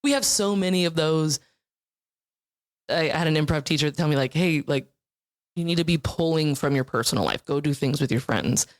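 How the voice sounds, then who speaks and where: A young woman from Iowa, a guest on a podcast, telling improv stories in a bubbly, animated way and laughing often. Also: deep voice, normal speed. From Iowa, USA. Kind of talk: casual chat.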